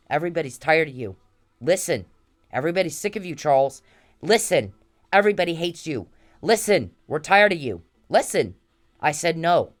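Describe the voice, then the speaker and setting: A woman vlogger delivering an angry, confrontational rant straight to the person she is addressing. She swears freely and hammers the same phrases over and over. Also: low voice. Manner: confrontational, profane, repeats phrases. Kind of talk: angry direct-to-camera rant.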